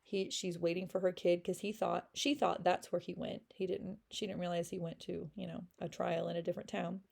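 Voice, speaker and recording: Casual teacher, woman, gravelly and warm, chatty with lots of fillers. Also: lowish voice, little pitch movement, fairly quick. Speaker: French teacher. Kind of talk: casual read-aloud lesson, reading and explaining a French novel.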